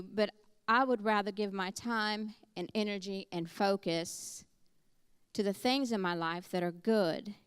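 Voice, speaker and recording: A middle-aged woman preaching a sermon, telling a story in a lively, conversational way. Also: mid-range voice, clean tone, dry recording.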